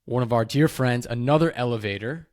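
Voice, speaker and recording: A man hosting a podcast, telling a story in an animated, enthusiastic way. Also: mid-range voice, fairly quick, dry recording, clean studio sound. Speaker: podcast host. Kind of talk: casual podcast chat.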